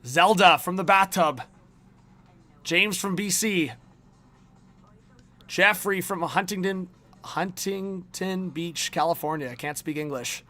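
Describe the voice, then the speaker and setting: An energetic man hosting a live stream, reading chat names off one after another. His voice sits a bit high and comes across bright and forceful, with frequent laughs between shout-outs. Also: takes it slowly, pauses often, faint music behind. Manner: upbeat, rattles off viewer names, laughs often.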